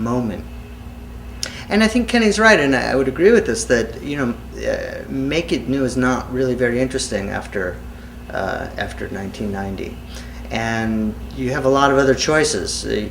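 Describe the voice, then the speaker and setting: A man's voice: medium pitch, gravelly. A man on a panel talking through an idea hesitantly, with lots of fillers. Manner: hesitant, thinking aloud with many fillers. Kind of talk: discussion talk. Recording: echoey room, faint noise.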